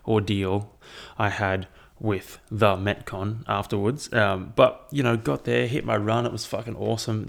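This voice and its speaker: A man's voice: fairly low pitch, creaky. A young man chatting casually about his training to his own microphone, rambling and swearing often. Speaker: triathlete sharing training update. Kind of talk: casual chat.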